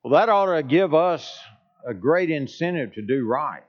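A man preaching a sermon as pastor, speaking in a deliberate, emphatic way and repeating phrases to drive points home. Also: fairly high pitch, lively intonation, dull audio.

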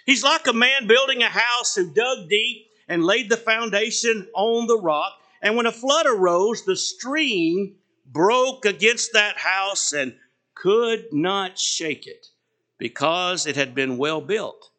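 Bright-voiced, slow-preaching male pastor. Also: sits high, lively intonation. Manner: emphatic preaching, drawn-out phrase endings, rhetorical questions. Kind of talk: sermon.

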